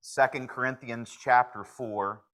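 A man's voice: mid-range voice, fairly even intonation, a little slow, a bit bright. A man preaching a sermon, folksy and earnest, pleading with his listeners. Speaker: pastor.

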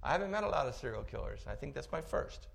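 A man preaching a sermon, telling a story in an animated way with chuckling asides. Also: medium pitch, fast talker, creaky.

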